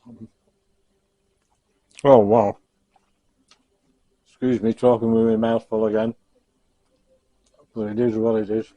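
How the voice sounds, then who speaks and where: A man's voice: lowish voice, little pitch movement, moderate pace, pauses often, mellow, dry recording, highs cut off. A man chatting casually in a home cooking vlog, self-mocking and chuckling as he tries his food. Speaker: cooking vlogger.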